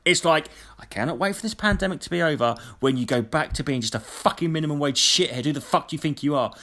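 A man's voice: a little high, fast talker, fairly bright tone. A man telling a long, sweary, indignant story in casual chat. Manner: sweary, indignant, mimics people in his stories.

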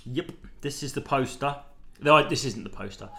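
A man's voice: mid-range voice, normal speed, gravelly, a bit bright. A man hosting a casual comedy chat, cracking crude, cheeky jokes. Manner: joking, cheeky, crude banter. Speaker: podcast co-host, comedian.

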